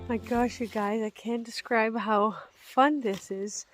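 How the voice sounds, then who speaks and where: A woman's voice: on the high side, steady tone, takes it slowly, faint music behind. Bubbly woman vlogging outdoors. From Netherlands. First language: Dutch. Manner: bubbly, laughs often, gushing. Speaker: van-life vlogger. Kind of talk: casual vlog to camera. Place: outdoors on an evening walk.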